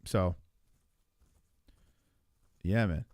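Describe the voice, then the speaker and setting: A man's voice: mid-range voice, lively intonation, moderate pace, no room sound, studio quality. A man hosting a livestream, chatting casually and profanely as he reacts to clips. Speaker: stream host.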